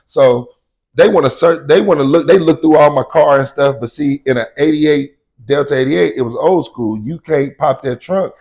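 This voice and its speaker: The voice is a man's, fairly high and gravelly, at a moderate pace. He casually narrates his own story in slang, regularly saying "you know what I'm saying" and loudly mimicking shouted quotes.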